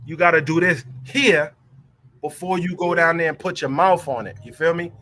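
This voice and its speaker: A man's voice: a little high, moderate pace, sharp tone, a little hiss or hum. A young adult man, hosting a casual livestream and ranting in a heated, profane way that keeps repeating itself. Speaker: livestream host.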